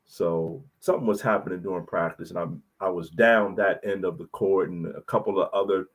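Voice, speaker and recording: Low-voiced coach guy, earnest and kinda emotional, telling stories in a chat. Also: fairly even intonation, fairly quick, husky. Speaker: college basketball head coach, guest. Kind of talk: casual interview storytelling.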